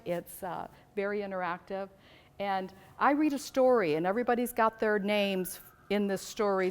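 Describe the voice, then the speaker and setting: A woman giving an animated storytelling talk to an audience about teaching teenagers, asking questions and rising to emphatic peaks. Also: mid-range voice. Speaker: abstinence educator speaking to a church group.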